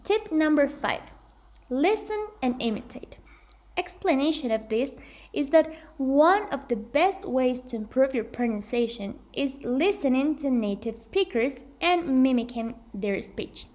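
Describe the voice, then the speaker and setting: A woman's voice: high voice, lively intonation, unhurried, darkish tone. Earnest young woman teaching pronunciation. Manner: earnest, careful, with frequent self-corrections. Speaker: English pronunciation presenter. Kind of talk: scripted lesson presentation.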